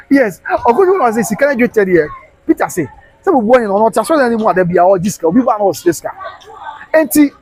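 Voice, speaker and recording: A man hosting a live news stream, animated and preachy, mixing Twi and English. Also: extremely high pitch, quick pace, slightly rough, poor audio.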